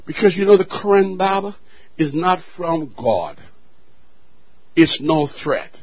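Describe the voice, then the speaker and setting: A male pastor preaching a fiery sermon with call-and-response, building to shouted refrains. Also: fairly high pitch, expressive, unhurried, husky, highs cut off.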